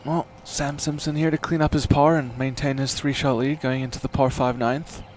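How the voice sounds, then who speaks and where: A man giving live golf commentary in a relaxed, chatty way, with tips and play calls. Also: medium pitch, moderate pace, a little hiss or hum.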